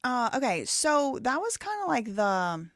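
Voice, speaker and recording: A woman's voice: a little high, very animated, a little slow, fairly bright tone, no echo, studio quality. A woman in her thirties hosting a live stream, rambling casually and thinking aloud with lots of "like" fillers. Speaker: livestream host.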